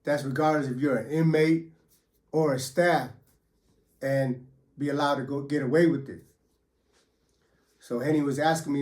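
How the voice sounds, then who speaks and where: A man's somewhat high voice recounts his own prison days in loose, easygoing storytelling. His talk is full of swearing and street slang, with constant "you know" fillers. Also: steady tone, normal speed, long pauses, a little mellow. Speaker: former federal prisoner telling his stories. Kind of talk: casual first-person storytelling.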